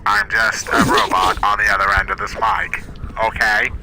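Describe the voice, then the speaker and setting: A man voicing a bored fast-food drive-thru worker, his voice muffled by a hand cupped over the mic. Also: lowish voice, flat delivery, very noisy. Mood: flat. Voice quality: tinny speaker-box sound.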